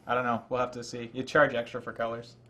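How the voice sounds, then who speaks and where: A man's voice: mid-range voice, completely flat delivery, fast, a bit bright. A young man co-hosting a casual podcast, with wry, dry humor. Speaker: co-host. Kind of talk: casual chat.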